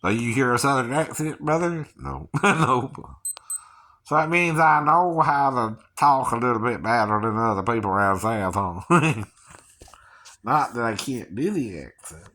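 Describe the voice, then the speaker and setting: A man's voice: mid-range voice, sharp tone. A man from Georgia talking in a rambling casual monologue, chuckling often and tagging "right, right" onto his points.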